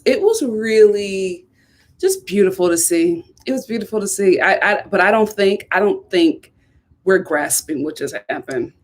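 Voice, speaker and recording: Woman from Philly, live-stream host, casual and animated, quick to laugh. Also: lowish voice. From Philadelphia. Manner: chatty, animated, repeats herself, laughs often.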